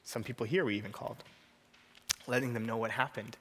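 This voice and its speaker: A man's voice: mid-range voice, fairly even intonation, brisk, fairly bright tone, a little hiss or hum. Earnest man preaching in a hall. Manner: earnest and personal, often repeating a prayer. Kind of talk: sermon.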